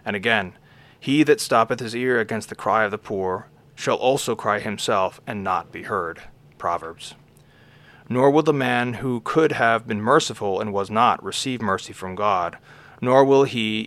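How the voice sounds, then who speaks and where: A man reading an old homily aloud in a measured way, naming each scripture source after he quotes it and now and then stumbling and correcting himself. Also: lowish voice, pushed and bright. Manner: occasional stumbles and self-corrections. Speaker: reader of a homily.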